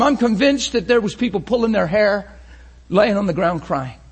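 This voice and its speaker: A man preaching a sermon with great passion, often rising to a shout and acting out how his listeners would react. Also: high-pitched, lively intonation, moderate pace, breathy edge.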